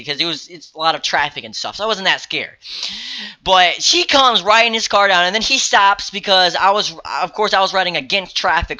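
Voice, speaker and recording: A young vlogger with a slightly high, sharp voice tells a story in a casual video. He rambles, swears freely, and corrects himself along the way.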